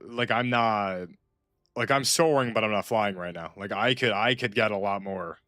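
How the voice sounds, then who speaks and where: A man's voice: on the low side, moderate pace, sharp tone, no echo, clean studio sound. A young man streaming games and chatting casually, rambling with lots of "like" and restarts. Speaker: gaming streamer. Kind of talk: casual gaming chat.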